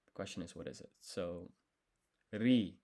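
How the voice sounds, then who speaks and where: Here a man with a low-pitched, dark tone learns a language on a live stream. Slowly voicing syllables, he narrates his thoughts and self-corrects as he proceeds.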